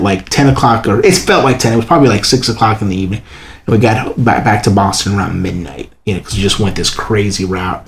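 A man telling a long personal story in casual chat, acting out the people he quotes by jumping to a much higher voice. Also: slight background noise. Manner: animated, acts out quoted voices in a high pitch. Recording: echoey room with faint ambience.

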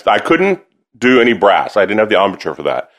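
A middle-aged man speaks in a slightly low voice, recounting his musical youth with animated energy. He acts out the people he quotes and laughs easily. The delivery is relaxed and conversational. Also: quick pace. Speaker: singer and musician, interview guest. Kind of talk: casual storytelling interview.

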